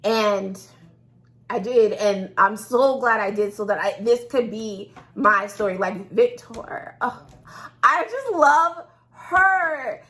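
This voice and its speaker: A woman's voice: mid-range voice, steady tone, slow pace, a bit bright. A woman co-hosting a casual chat about audiobooks, enthusiastic and gushing, laughing often. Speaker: podcast co-host.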